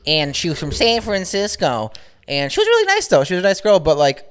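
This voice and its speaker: Fast, animated man riffing crudely. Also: high-pitched, smooth. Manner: rambling, crude, joking, many restarts. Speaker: podcast co-host. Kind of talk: casual podcast banter.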